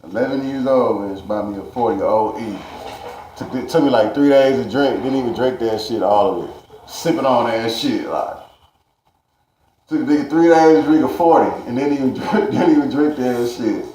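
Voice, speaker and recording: A man's voice: medium pitch, normal speed, dark tone, a little hiss or hum. A man telling a rambling, profane story in street slang, ranting to camera. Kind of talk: casual storytelling rant. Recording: echoey room.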